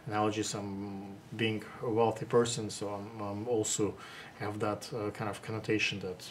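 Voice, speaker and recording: A man who hosts interviews, talking in a casual, halting way, full of hesitations and restarts. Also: fairly low pitch, flat delivery, slight background noise. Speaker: interviewer host.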